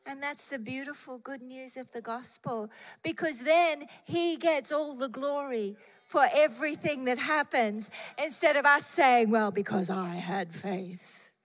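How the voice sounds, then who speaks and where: Female preacher, high voice, slow and emphatic delivery, repeats key phrases; echoing hall. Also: fairly bright tone. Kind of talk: sermon.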